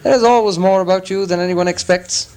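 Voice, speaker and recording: A man voicing a hearty old wizard in a dark cloak. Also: high voice, quick pace, pitched above the performer's own voice, close to an everyday voice, poor audio. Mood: approving.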